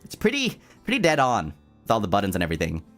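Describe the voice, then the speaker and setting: A man chatting casually on a livestream, playful and animated, reading chat aloud and answering it, laughing often and tripping over words when excited. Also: fairly low pitch, quick pace, faint music behind. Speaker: streamer.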